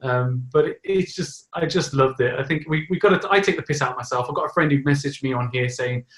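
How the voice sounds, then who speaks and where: A man's voice: medium pitch, fast talker. A man hosting a casual interview, talking enthusiastically and rambling with many restarts. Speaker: host. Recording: roomy echo.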